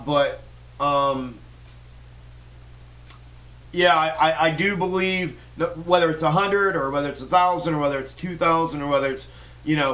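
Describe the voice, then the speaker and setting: A man's voice: a little high, fairly bright tone, poor audio. Fired-up man streaming stock talk. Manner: fired-up, rambling, profane, many restarts and fillers. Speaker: stock market livestream host. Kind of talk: casual livestream chat reading viewer comments.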